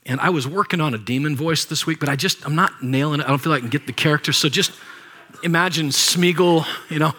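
Bright-voiced joking pastor. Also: male voice, on the high side, quick pace. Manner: conversational, joking asides to the congregation; reads scripture aloud with commentary. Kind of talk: sermon.

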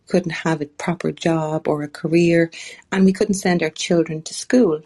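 An Irish woman, an author guest, chatting in an animated storytelling way in an interview. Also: sits low, moderate pace. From Ireland. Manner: animated storyteller, frequent restarts. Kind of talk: casual interview chat.

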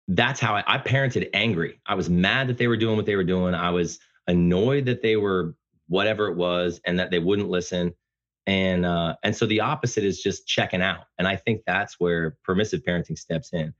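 A man talking casually as a podcast guest, speaking loudly and passionately with animated storytelling. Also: normal speed, highs cut off. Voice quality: loud booming voice. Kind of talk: casual conversation.

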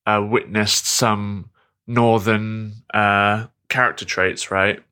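A man's voice: on the low side, little pitch movement, slow, pushed and bright, clean tone. A man co-hosting a podcast in casual chat, making wry, joking asides. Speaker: podcast co-host.

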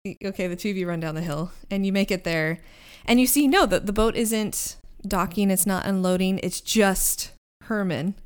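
A woman's voice: medium pitch, clean tone. Woman narrating as game master. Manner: relaxed, storytelling, halting.

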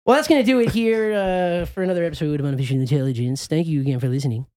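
A man's voice: on the high side, rapid-fire, a little mellow, no room sound. A young man hosting a podcast in loose, rambling casual chat. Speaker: podcast host.

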